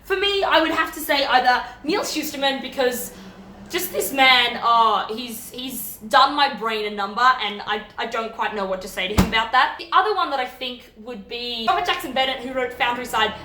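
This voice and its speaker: Young woman, bubbly book vlogger: high voice, gushy rants, trips over her own sentences. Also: slight background noise. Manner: animated, gushing and ranting, quick self-interruptions. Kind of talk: casual book review chat. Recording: echoey room.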